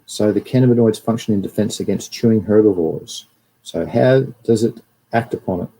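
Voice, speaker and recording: A man's voice: on the low side, normal speed, creaky, dark tone, husky, rough recording. An Australian man hosting a livestream and giving a casual, rambling talk over slides while greeting viewers. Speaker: livestream host.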